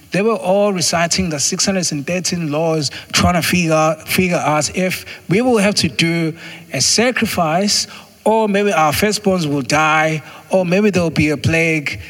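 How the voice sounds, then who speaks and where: A man's voice: measured pace, fairly bright tone. A man preaching a sermon in a conversational way, acting out little quoted exchanges. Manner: conversational, acts out quotes with jumps in pitch.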